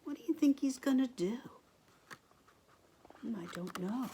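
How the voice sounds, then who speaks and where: A woman teacher reading a picture book aloud to children, expressive, gasping and asking the listener questions. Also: a little high, unhurried, a little hiss or hum.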